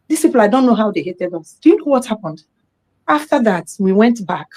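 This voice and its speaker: Animated Nigerian woman telling a story. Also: medium pitch, fairly quick, poor audio. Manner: animated storytelling, acting out dialogue. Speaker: storyteller sharing a personal account. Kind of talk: impassioned personal testimony.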